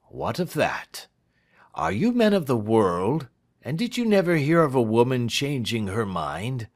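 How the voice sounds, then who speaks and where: A man voicing a moody young gentleman, deep in debt and in love, who speaks quietly and impatiently. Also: big pitch swings, a little slow.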